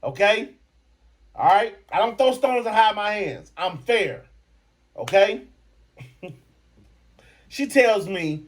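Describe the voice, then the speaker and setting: A man's voice: high voice, expressive, slow pace, pauses often. A man from Michigan hosting a podcast, delivering a profane, brash, mocking comedic rant. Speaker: podcast host.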